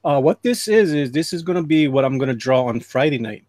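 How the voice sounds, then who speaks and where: A man's voice: medium pitch, lively intonation, fairly quick, darkish tone, no echo, clean studio sound. A man hosting a casual livestream chat while he draws. He jokes with and teases his guests. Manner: joking, teasing. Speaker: host.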